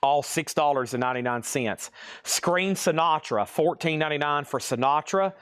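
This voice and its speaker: A man hosting a live-stream record sale, briskly reading out items, buyers and prices, and checking in with "okay?". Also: on the high side, fairly bright tone, clean tone, no echo, clean studio sound.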